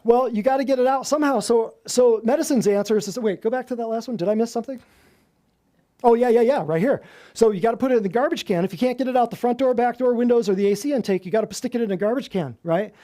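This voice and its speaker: Fast-talking and high-pitched, with a warm, mellow tone, this man gives a lively lecture as a natural health practitioner teaching a class. In an office room before a small live audience, he's animated, quizzing listeners and joking and laughing.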